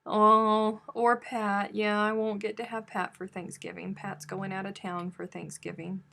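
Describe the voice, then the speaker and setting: A woman hosting a crochet live stream, chatting casually with viewers and reading out their comments, with sudden loud animated outbursts. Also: medium pitch, a little slow, creaky. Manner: chatty, reads and answers viewer chat; animated, bursts into loud exclamations.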